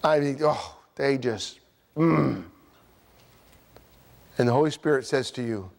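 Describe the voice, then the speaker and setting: A man's voice: mid-range voice, expressive, moderate pace, pauses often, darkish tone. A man preaching a sermon as pastor, passionately pressing his points and voicing imagined objections from the congregation. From United States. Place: church sanctuary.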